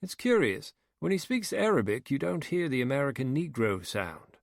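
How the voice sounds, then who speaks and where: A male narrator voicing a fussy, talkative wealthy man with a precise, drawn-out way of speaking. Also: medium pitch, very animated, creaky, no echo, clean studio sound, voice pushed up. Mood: musing.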